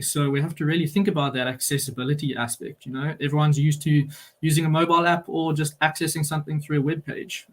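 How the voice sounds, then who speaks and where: A man on an online panel explaining his company's approach in a steady, explanatory way, with frequent fillers. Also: a little high.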